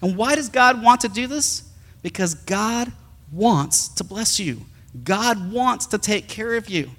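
A middle-aged male pastor giving an animated sermon, swinging between loud emphasis and soft, intimate talk. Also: high-pitched, takes it slowly, long reverb tail.

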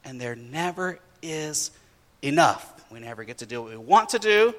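A man preaching a sermon, telling a family story in an animated way and acting out his children's voices. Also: mid-range voice, normal speed, in a large hall. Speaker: pastor.

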